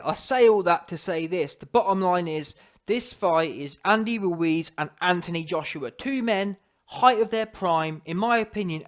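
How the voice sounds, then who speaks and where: A man with a British accent giving opinionated, rambling boxing commentary, emphatic and often correcting himself mid-sentence. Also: sits high. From United Kingdom.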